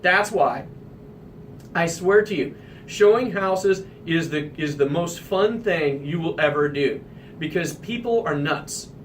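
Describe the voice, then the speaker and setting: High-voiced man hosting a talk radio show. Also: takes it slowly, far from the mic, a little hiss or hum. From Midwestern United States. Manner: animated, emphatic anecdote telling.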